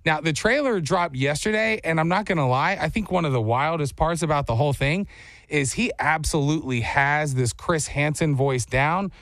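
A man's voice: on the high side, moderate pace, a bit bright. A man hosting a radio show, chatting casually and joking with his co-host. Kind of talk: casual on-air banter.

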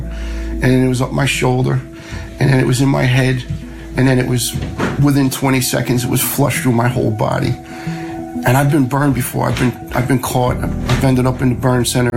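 A middle-aged man, telling a personal story in a plain, conversational way and quoting others in lively voices. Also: medium pitch, creaky, rough recording. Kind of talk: personal story told to a host.

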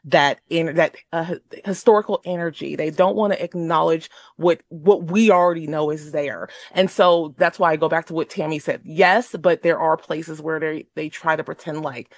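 A woman speaking as a paranormal investigator on a call-in radio show. Her voice sits fairly low, and her speech is animated and expressive, with quick restarts. The sound is dry, with no room echo. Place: Los Angeles.

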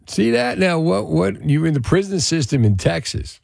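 A man hosting a radio call-in show, chatting in a lively, upbeat way with callers. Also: fairly high pitch, moderate pace, vocal fry, no echo, clean studio sound. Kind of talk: talk radio call-in chat.

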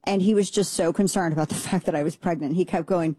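A woman with a lowish, mellow, slightly rough voice talks fast into a studio mic, wearing headphones, with no room sound. She hosts a political talk show from a home studio in Texas, giving casual opinion commentary in an emphatic, rambling style full of sarcastic asides.

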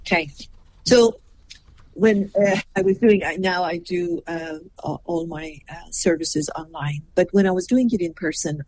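A woman guest on a podcast giving advice in a measured, emphatic way, acting out short exchanges as she explains. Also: on the low side, darkish tone, a little hiss or hum, low-quality recording. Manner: measured and emphatic, acts out little dialogues. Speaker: guest, personal growth teacher.

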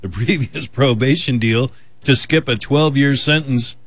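A man's voice: medium pitch, unhurried, dry recording. A man hosting a radio show, chatting and joking in a loose, casual way.

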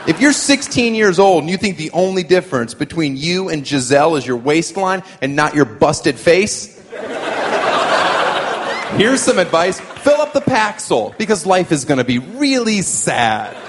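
A man's voice: a little high, sing-song, measured pace. A man doing brash, mocking stand-up with insult-style delivery. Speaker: stand-up comedian. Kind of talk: stand-up comedy. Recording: noisy hall with long reverb.

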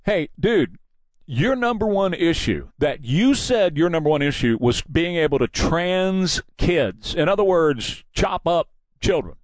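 A man's voice: a little high, sing-song, unhurried, no echo. A man hosting a combative, mocking political commentary monologue.

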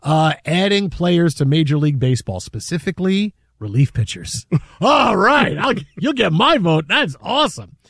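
A man's voice: a little high, big pitch swings, normal speed, creaky, fairly bright tone, no echo, clean studio sound. A man co-hosting a sports radio show, talking casually and rambling with restarts and repeated words.

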